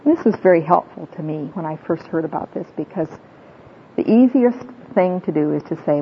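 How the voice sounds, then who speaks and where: Woman speaker, heartfelt sermon with stories, slightly low voice, lo-fi phone-like recording. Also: lively intonation, fairly quick. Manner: earnest, tearful storyteller. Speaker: Christian women's speaker. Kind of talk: sermon-like talk with personal stories. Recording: tinny phone-like sound with faint rumble.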